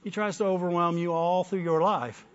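A man's voice: sits high, fairly even intonation, moderate pace. Older man preaching in a reverberant hall. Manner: call-and-response preaching, rising to fervent peaks; drops into soft storytelling. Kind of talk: sermon. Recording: dull sound with long hall reverb.

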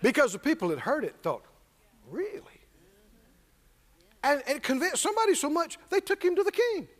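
A man's voice: very high-pitched, huge pitch swings, fast talker. A man preacher delivering a sermon with call-and-response and humorous, folksy storytelling. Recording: reverberant church hall.

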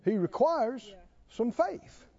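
A man's voice: very high voice, sing-song, takes it slowly, creaky, dark tone, slightly rough, dull audio. A middle-aged male pastor preaching a sermon, punctuating his points with emphatic exclamations and quoted scripture.

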